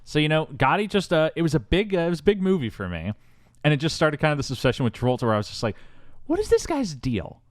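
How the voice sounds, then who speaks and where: A man hosting a podcast, telling a story in a mock-grandiose, animated way in casual chat. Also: a little high, racing, no room sound, studio quality. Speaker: podcast host.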